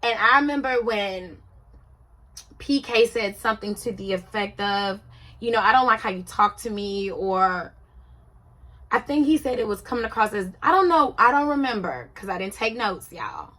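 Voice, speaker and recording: A woman's voice: mid-range voice, sing-song, moderate pace, sharp tone. A woman casually commenting on a reality show, talking in an emphatic, conversational way and often checking whether the listener follows. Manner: conversational, emphatic, often asks "you see what I'm saying".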